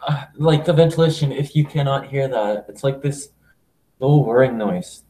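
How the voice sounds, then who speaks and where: A man's voice: mid-range voice, normal speed, dark tone. A young man commenting on a game he streams, jittery and freaked out. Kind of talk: let's play commentary. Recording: echoey room.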